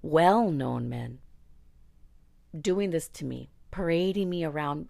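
Low gravelly woman, blunt storyteller. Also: lively intonation, slow, pauses often, mellow. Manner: blunt, outspoken, swears freely. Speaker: singer recounting her career. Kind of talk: candid personal storytelling.

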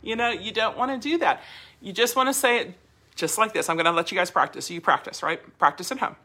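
Lively woman teaching dog training. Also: mid-range voice, fast, husky. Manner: lively, chatty teaching with playful voice demos.

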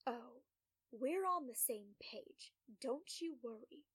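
A woman's voice: on the high side, animated, takes it slowly, husky, no room sound, exaggerated voice. A woman voicing an eager, insinuating male patient in an audio story. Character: delusional grinning male patient, unsettling.

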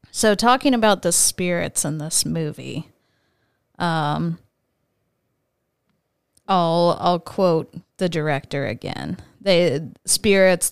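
Young woman podcast cohost, lowish voice, super clear, dry close sound, says like a lot. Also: no echo. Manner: chatty, many "like" fillers. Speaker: podcast co-host. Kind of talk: casual chat, reading quotes.

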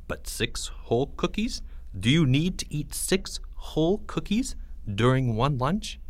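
A man voicing a calm, matter-of-fact fifth-grade boy who speaks quietly. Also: a little high, unhurried, pitched above the performer's own voice.

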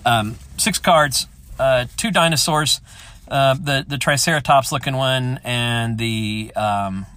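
A man's voice: mid-range voice, slow, a bit bright. A man hosting his own podcast, thinking aloud in a rambling, enthusiastic way as he chats on his own. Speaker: podcast host. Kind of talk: casual solo chat.

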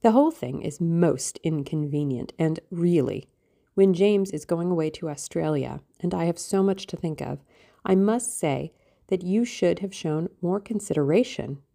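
A woman's voice: on the low side, expressive, moderate pace, creaky, dark tone. A woman reading an audiobook voices a worried, theatrical middle-aged mother. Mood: fretful. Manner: fretful, affected.

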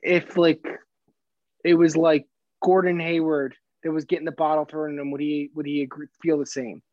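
A man's voice: on the high side, little pitch movement, moderate pace, no echo. A man co-hosting a casual sports podcast who rambles, stumbles over his words, restarts his sentences and swears freely. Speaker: podcast co-host. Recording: dull, dry sound.

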